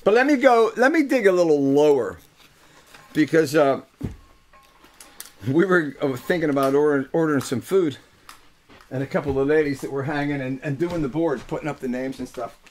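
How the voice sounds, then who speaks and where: Over live webcast audio with slight background noise, an older Pittsburgh man who is a host and musician jokes around with viewers in a casual monologue. His voice is on the high side, and he teases, curses freely and leans on lots of uhs.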